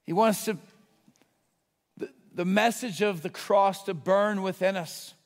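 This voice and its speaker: A man preaching a sermon, telling stories with quick restarts and swelling to excited shouts at the high points. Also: big-room sound.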